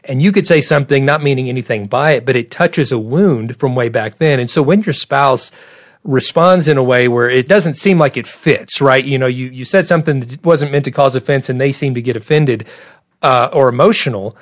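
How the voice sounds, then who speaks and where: A man's voice: medium pitch, a little fast, no room sound. Earnest man speaking in a dry studio. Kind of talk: conversational interview.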